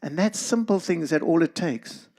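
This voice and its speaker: Earnest high-voiced South African man. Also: lively intonation, moderate pace, a little mellow. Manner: earnest, preacherly, speaks to listeners by name. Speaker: guest speaker. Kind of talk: church talk to a congregation.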